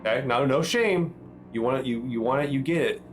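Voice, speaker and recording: A man's voice: mid-range voice, a little fast, natural voice. Fussy talkative old tailor, played by a man, pleading, chatty, faint background music. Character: fussy older male tailor, chatty and theatrical.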